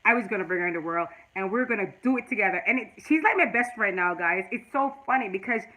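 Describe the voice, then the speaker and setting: Bright-voiced woman vlogging earnestly. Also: medium pitch, expressive, quick pace, low-quality recording. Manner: tearful and earnest, then preachy and emphatic. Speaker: YouTube vlogger. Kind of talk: emotional personal vlog talk to chat.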